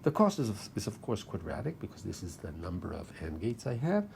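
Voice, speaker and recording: A man's voice: on the low side, huge pitch swings, brisk, vocal fry, darkish tone, slight background noise. A man lecturing at university level, explaining step by step as he talks through drawings on slides.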